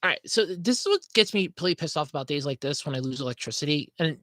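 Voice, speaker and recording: This is a podcast host chatting on a livestream in a loose, rambling way, apologizing and venting. The voice sits in a middle pitch, and the recording is close and dry with no room sound. The talk keeps wandering and restarting. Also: animated, quick pace, a bit bright, no echo. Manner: rambling, scatterbrained; apologetic, frustrated rant. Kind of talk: casual livestream chat.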